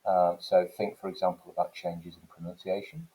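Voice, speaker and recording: A man teaching an English language lesson, explaining points in a relaxed lecture with frequent "okay" and "so" fillers. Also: low voice, normal speed, low-quality recording. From England. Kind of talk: classroom lecture.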